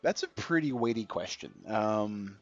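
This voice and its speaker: Chatty low-voiced male game streamer. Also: lively intonation, measured pace. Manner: chatty, reads out viewer comments. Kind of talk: casual gameplay commentary. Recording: dull lo-fi stream audio with faint music.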